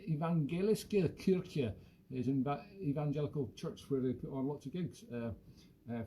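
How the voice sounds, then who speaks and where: A man's voice: mid-range voice, dark tone, slight background noise, close to an everyday voice, rough recording. A man playing a rambling, self-mocking male whisky expert in a comic live stream, slipping into a put-on Irish-sounding lilt. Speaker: host.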